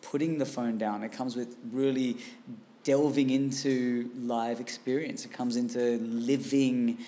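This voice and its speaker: A man, co-hosting a casual podcast chat, animated and emphatic and quick to laugh. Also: mid-range voice. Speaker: podcast co-host.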